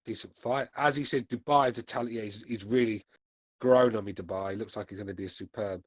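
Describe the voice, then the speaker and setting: A man's voice: fairly low pitch, fast, no echo. A British man in his forties hosting a podcast, chatting bluntly and swearing as he reads out chat comments. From United Kingdom. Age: 40s. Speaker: podcast host reading chat. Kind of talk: casual chat.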